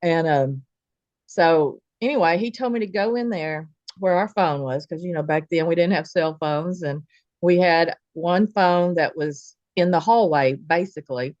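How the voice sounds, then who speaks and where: Woman, low-ish voice, storyteller voicing family members, dry lo-fi mic. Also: unhurried, a little mellow, no echo. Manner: vivid, folksy retelling with quoted dialogue. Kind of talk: personal story told casually.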